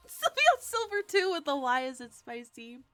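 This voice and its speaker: Brief: young woman streamer, bubbly and giggly, voice sits on the higher side, faint music underneath. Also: very animated, moderate pace, a bit bright, no room sound. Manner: bubbly, giggly, talks to chat. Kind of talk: casual live-stream chat.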